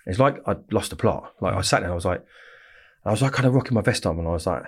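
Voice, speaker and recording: A man's voice: low-pitched, animated, very fast, husky. A man, bluntly telling his story in a casual interview, swearing often and rambling. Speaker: interview guest.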